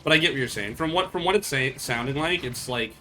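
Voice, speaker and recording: A man's voice: medium pitch, lively intonation, fast talker, pushed and bright. Blunt, swearing young male streamer. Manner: blunt, profane, rambling with restarts. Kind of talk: casual stream chat with viewers.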